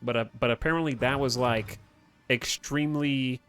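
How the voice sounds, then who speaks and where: A man chatting casually on a live stream, joking and animated, laughing often. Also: mid-range voice, moderate pace, clean tone, faint music behind.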